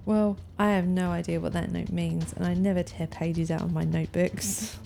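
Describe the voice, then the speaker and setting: A sharp-tongued older woman contestant, read aloud by a woman in a party mystery game. She answers questions curtly and with irritation, in a low, gravelly, mellow voice. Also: level tone, normal speed, soft background music. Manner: curt, indignant.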